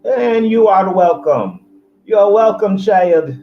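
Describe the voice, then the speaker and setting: A man voicing a campy male psychic hotline hawker in an exaggerated mock Jamaican accent, loud and theatrical. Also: sits high, expressive, slow, reverberant, voice pushed up, full character voice. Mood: grandiose. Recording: muffled audio with music behind.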